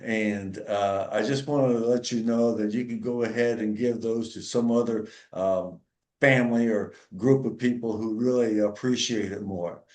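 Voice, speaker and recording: A man's voice: on the low side, fairly even intonation, normal speed, darkish tone, natural voice. A man voicing a flustered father who stays patient and polite, in a roomy echo. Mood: strained. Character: flustered father trying to stay calm.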